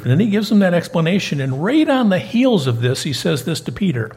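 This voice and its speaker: A man's voice: high-pitched, very animated, a little fast, hardly any pauses, a little mellow. A man preaching a conversational sermon, folksy and fond of asking his listeners questions. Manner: folksy, repeats himself, asks the congregation questions. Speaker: preacher in prison ministry.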